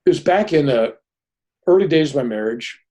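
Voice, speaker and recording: Older male guest telling a long personal story, lively and chatty, with a husky edge. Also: a little high, normal speed, highs cut off. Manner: animated storyteller, often adds "right?". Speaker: podcast guest.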